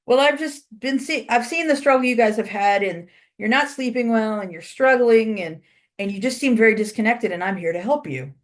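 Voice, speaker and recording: A woman's voice: fairly high pitch, lively intonation, moderate pace, pitched above the performer's own voice, close to an everyday voice. A woman voicing a kindly female spider spirit who earnestly wants to help humans, told as a spoken legend.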